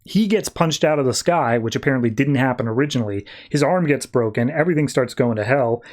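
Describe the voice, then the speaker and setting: A man's voice: medium pitch, animated, brisk. Rambling man recapping comics casually. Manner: loose and rambling, heavy on "like" and "uh" fillers. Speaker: podcast host.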